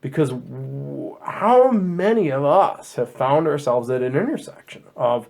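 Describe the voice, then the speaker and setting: A man hosting a podcast, talking through a Bible passage in a casual, animated, jokey way, often restarting and repeating words. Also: medium pitch, unhurried, vocal fry, few pauses. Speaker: podcast host.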